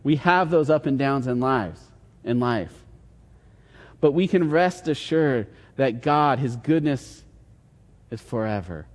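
A man's voice: mid-range voice, expressive, slow, pauses often. A man preaching a casual sermon, retelling a Bible story in an easy conversational way with quoted dialogue. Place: church hall. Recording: long reverb in a large hall.

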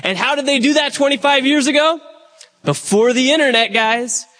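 A man's voice: very high voice, moderate pace, sharp tone. A man, the church's pastor, chatting to the congregation as he introduces a guest speaker. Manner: conversational, addresses the crowd directly.

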